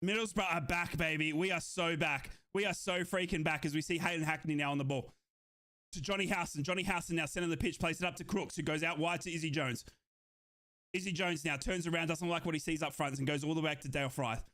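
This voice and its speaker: A young man from Australia who streams football watchalongs, shouting in delight and calling the play-by-play while out of breath. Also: a little high, fairly even intonation. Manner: euphoric fan shouting and yelling over goals, then rapid play-by-play. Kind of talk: excited live match commentary for a watchalong stream.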